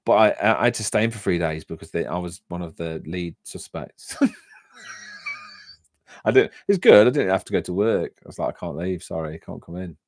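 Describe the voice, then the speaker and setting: A man's voice: low voice, lively intonation, moderate pace, no room sound. An English man chatting on a casual livestream, reading chat and rambling from story to story with frequent laughs and restarts. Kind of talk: casual live-stream chat.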